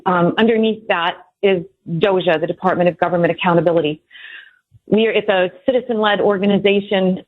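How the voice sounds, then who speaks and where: Halting woman on a tinny phone line. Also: on the low side, no echo. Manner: halting, many filler pauses. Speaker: caller, columnist. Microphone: telephone.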